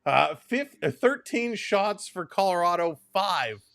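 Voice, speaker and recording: A man hosting a live hockey watch-along, calling the play and chatting with viewers, quick to laugh. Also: high-pitched, creaky, dry recording, clean studio sound. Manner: excitable, laughs often, reads out viewer comments.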